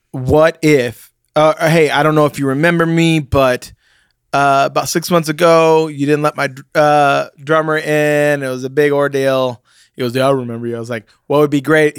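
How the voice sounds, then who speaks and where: A man's voice: medium pitch, smooth, no echo, studio quality. A man casually telling a long anecdote, rambling with many fillers and restarts.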